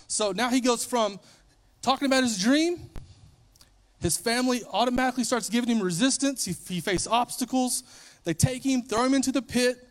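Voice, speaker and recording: A man's voice: very high-pitched, brisk. A man preaching a sermon, retelling a story in a casual, conversational way and briefly acting out the characters.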